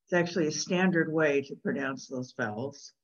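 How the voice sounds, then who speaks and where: An instructor leading a call-and-response pronunciation lesson, patiently explaining step by step and chanting syllables slowly and evenly. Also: medium pitch. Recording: dull lo-fi recording.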